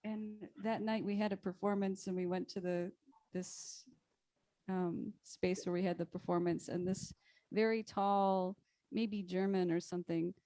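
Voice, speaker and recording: A woman telling a personal story on a video call, in a lively way with laughter. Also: medium pitch, a little slow. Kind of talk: casual storytelling.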